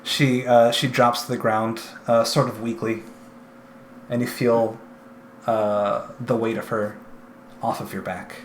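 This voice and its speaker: A man narrates a tabletop game as its game master, in a relaxed, halting manner that pauses on fillers. His pitch sits at a middling height for a man. The recording carries a roomy echo with a faint hiss behind it.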